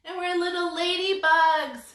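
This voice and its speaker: A woman's voice: very high-pitched, steady tone, measured pace, a bit bright. A woman leading a story-led children's yoga class in a playful, sing-song way, full of cheerful exclamations. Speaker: yoga instructor. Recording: echoey room, voice from a distant mic.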